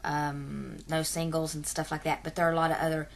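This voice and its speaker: Low, gravelly woman vlogging. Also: flat delivery, a little fast. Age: 30s. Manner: rambling, long-winded, many fillers and asides. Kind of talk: casual vlog talk to camera.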